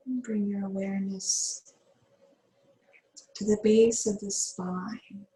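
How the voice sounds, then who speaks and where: A woman yoga teacher guiding a slow yin yoga meditation, giving soothing breath cues with long pauses. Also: mid-range voice, steady tone, mellow, echoey room, rough recording.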